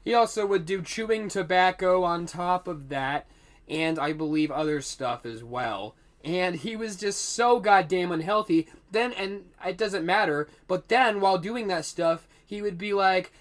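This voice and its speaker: A man's voice: high voice, normal speed. A young man telling a rambling, profane storytime vlog.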